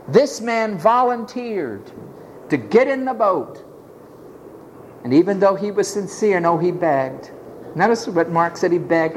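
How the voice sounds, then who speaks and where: A male preacher delivers a sermon with dramatic energy. His pitch swings widely from low to high, and he acts out each scene as he goes. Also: big pitch swings, a little slow, slight background noise.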